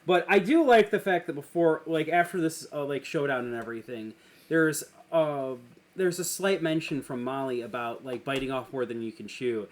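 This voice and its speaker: A man's voice: fairly high pitch, normal speed. A man co-hosting a casual podcast chat, rambling and trailing off mid-sentence, laughing often. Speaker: podcast co-host.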